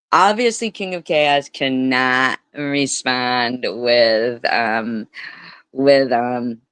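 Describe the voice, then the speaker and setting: A woman streamer rambles through live commentary, swearing freely and stacking repeated words for emphasis. She speaks slowly, with a smooth, clean tone. The sound is dry and close, with no room echo. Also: rumbling low, fairly bright tone.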